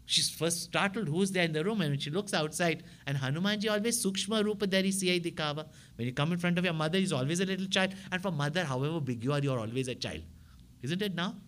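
A man, a spiritual teacher telling stories in a sermon with animated delivery and frequent tag questions to his listeners. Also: fairly high pitch, quick pace. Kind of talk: storytelling sermon.

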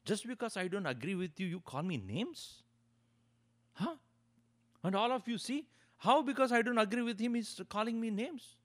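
A man voicing an indignant, easily offended male audience member who protests loudly. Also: high voice, expressive, normal speed, hardly any pauses, pitched above the performer's own voice, heavily acted. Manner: shouting, protesting.

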